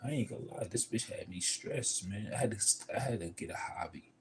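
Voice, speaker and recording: Profane, gravelly-voiced man ranting on a livestream. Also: brisk, noisy background. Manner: profane, emphatic, rambling storytelling with frequent filler tags; swings between loud outbursts and low mutters. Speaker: livestream host. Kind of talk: casual livestream monologue.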